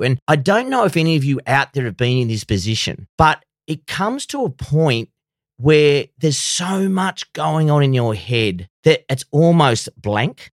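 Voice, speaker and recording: A man's voice: mid-range voice, dry recording. Aussie guy telling his story, earnest and confessional, dry close sound. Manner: earnest, confessional, acts out quoted voices. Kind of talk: emotional personal storytelling.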